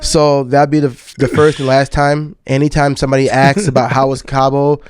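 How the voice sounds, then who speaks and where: In clean studio sound with no echo, a thirtysomething podcast host and DJ tells a lengthy personal tale, swearing casually and repeatedly addressing the listener as "dog." He speaks at medium pitch and a moderate pace, smooth and with little pitch movement.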